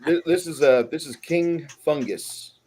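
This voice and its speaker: A man's voice: on the high side, a little slow, dark tone, slightly rough. A man in casual chat, talking enthusiastically and modestly about his hobby. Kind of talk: casual show-and-tell chat.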